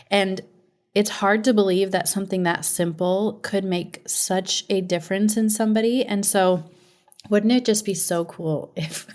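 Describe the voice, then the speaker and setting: Enthusiastic woman hosting a podcast. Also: on the low side. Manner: animated, enthusiastic, laughs often. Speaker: podcast host. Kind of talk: casual conversational interview.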